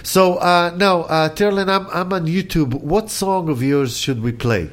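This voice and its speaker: A man hosting a casual interview, relaxed and easygoing. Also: sits high, measured pace. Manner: relaxed, easygoing, lively intonation. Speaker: host.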